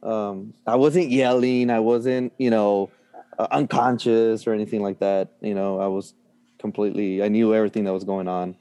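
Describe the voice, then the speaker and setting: A man's voice: lowish voice, fairly even intonation, normal speed, warm tone, smooth. Laid-back man telling a story. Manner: laughs often, many fillers and restarts. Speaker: guest. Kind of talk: casual storytelling.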